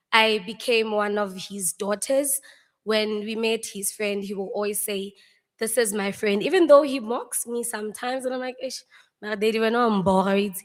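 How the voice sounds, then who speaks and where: A young South African woman, an actress, telling personal stories as she pays tribute at a memorial service. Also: mid-range voice. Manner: anecdotal storytelling, often laughing. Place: large theatre stage. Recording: long reverb of a theatre hall.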